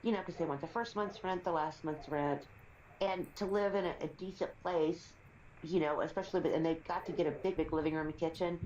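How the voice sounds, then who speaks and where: A woman's voice: lowish voice, fairly even intonation, brisk, background noise. A middle-aged woman chatting casually on a live stream, rambling through stories and laughing often. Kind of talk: casual chat. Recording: roomy, slightly dull stream audio.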